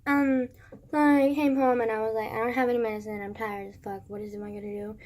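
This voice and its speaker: A woman's voice: a little high, little pitch movement, quick pace, a little mellow. A teenage girl vlogging while congested with phlegm, retelling her school day in a dramatic rant full of swearing. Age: teens. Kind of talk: casual rant.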